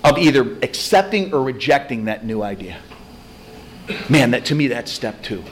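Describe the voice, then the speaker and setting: A man's voice: mid-range voice, animated, moderate pace. Man, spiritual recovery talk, conversational, self-deprecating, faint background noise. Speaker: recovery meeting speaker.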